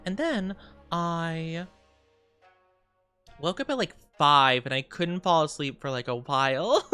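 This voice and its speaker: A woman's voice: sits low, very animated, slow pace, long pauses, a bit bright, clear, resonant tone, faint music behind. A woman streamer chatting casually with her live chat, rambling and giggling often, tired and yawning. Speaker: VTuber streamer.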